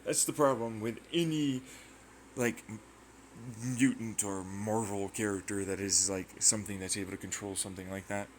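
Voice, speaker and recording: A man hosting his own channel, talking through a rambling, excitable science monologue full of tangents, sound effects and swearing. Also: lowish voice, moderate pace, slight background noise. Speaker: channel host.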